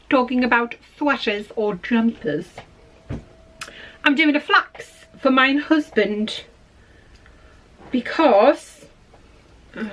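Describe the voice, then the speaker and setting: A woman's voice: mid-range voice, a little hiss or hum, low-quality recording. A woman hosting a podcast in a casual, rambling, self-deprecating chat. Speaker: podcast host.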